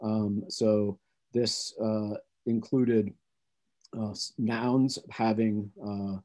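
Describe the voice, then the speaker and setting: Low, mellow-voiced man presenting research. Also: little pitch movement. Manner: measured, explanatory lecturing. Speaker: conference presenter. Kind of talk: academic conference talk.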